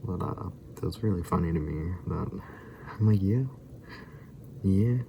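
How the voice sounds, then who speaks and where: A man's voice: low-pitched, normal speed, gravelly, noisy background. A man in his twenties chatting casually in a rambling vlog, chuckling often as he retells things. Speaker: vlogger.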